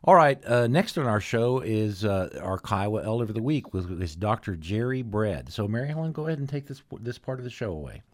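A man's voice: fairly low pitch, big pitch swings, a little fast, hardly any pauses. A man hosting a community radio talk show, reading out sponsors and chatting with callers with hesitant restarts. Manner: easygoing, reads sponsor list, hesitant restarts.

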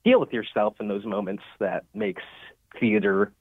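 A man's voice: lowish voice, normal speed, slightly rough, dry recording. A young man in his twenties, a student actor calling in to a radio interview by phone, chatty and upbeat with many filler words. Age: 20s. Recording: tinny phone line.

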